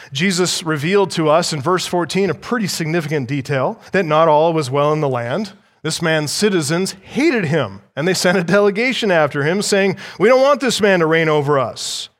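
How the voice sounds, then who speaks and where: Man, pastor, fairly high voice, expository sermon, measured and emphatic, rhetorical questions. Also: long reverb tail. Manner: teaching, asks the listeners rhetorical questions; measured and emphatic, repeats key phrases.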